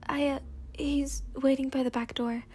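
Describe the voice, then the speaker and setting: A woman voicing a frightened young woman who pleads in a shaky, breathy voice, in a soft-spoken ASMR fanfic reading. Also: high-pitched, little pitch movement, normal speed, slight background noise, close to an everyday voice. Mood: scared, pleading.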